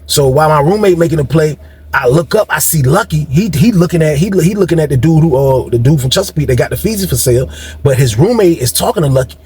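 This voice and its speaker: A man's voice: fairly high pitch, expressive, fast talker, darkish tone, breathy edge. A man casually telling a long story in a rambling, slangy way, addressing his listeners directly.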